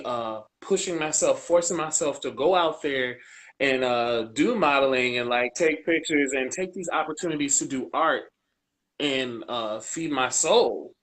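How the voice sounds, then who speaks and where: A man in his thirties, a guest in a casual interview, speaking haltingly with many fillers. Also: on the high side, animated, a bit bright, poor audio. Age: 30s.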